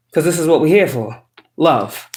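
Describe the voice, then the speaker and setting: A woman's voice: deep voice, a little mellow. A woman tarot reader chatting casually to her viewers, outspoken and profane. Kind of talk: casual tarot reading chat. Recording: roomy echo.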